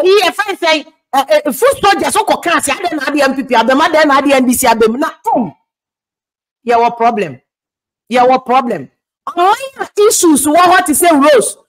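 A woman's voice: high voice, fairly bright tone, poor audio. A woman with a Ghanaian accent, a Twi speaker, giving heated political commentary that moves between English and Twi and repeats words for stress.

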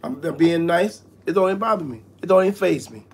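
A man's voice: a little high, expressive, fast talker, creaky, noisy background. A man in a comedy skit, stammering and repeating words as he launches into profane rants.

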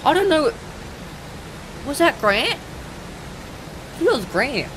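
A woman gamer giving casual let's-play commentary, chattering to game characters and breaking into excited shouts. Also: high voice, slow pace, noisy background.

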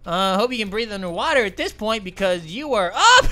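A woman giving excitable, giggly let's play commentary, often apologizing to game characters. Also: mid-range voice, a little fast. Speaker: gaming channel host.

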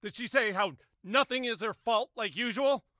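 An actor playing a frantic, whiny suburban dad in a cartoon video game, quick to squabble. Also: male voice, very high voice, bright, forceful tone, no echo, studio quality. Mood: bickering. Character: frazzled, bickering suburban dad. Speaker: game character.

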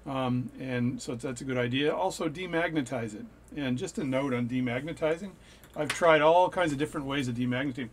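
A man's voice: mid-range voice, fairly quick, slight background noise. A man hosting his watch repair channel, chatting casually and jokily at his workbench with plenty of fillers and restarts. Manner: rambling, jokey, with fillers and restarts. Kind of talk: casual workshop talk.

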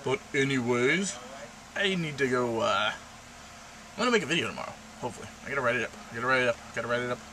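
A man's voice: expressive, fast talker, pushed and bright. Goofy rambling young man vlogging. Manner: random, jokey, rambling with sudden pitch jumps. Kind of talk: rambling casual vlog. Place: room at a computer. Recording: noisy home recording.

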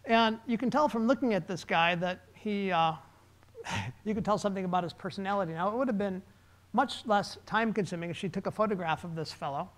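A man, a designer, giving a relaxed, conversational presentation with slides, pausing with fillers. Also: high voice.

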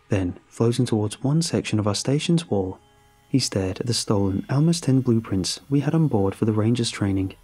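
Low, husky horror narrator. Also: male voice, animated, normal speed, darkish tone.

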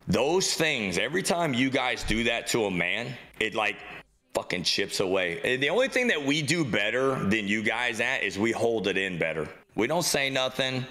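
A man's voice: medium pitch, sing-song, moderate pace, sharp tone. A man co-hosting a podcast in casual chat, talking loosely with lots of fillers and some swearing. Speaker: podcast co-host.

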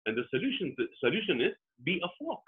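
A man voicing a calm, wise male owl who asks patient questions. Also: on the high side, quick pace, husky, full character voice. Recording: tinny phone-like line.

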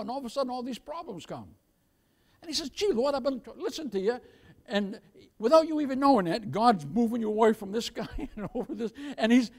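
A man's voice: very high-pitched, darkish tone. A man preaching a sermon as pastor, calling out to the congregation with rising, emphatic lines. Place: church.

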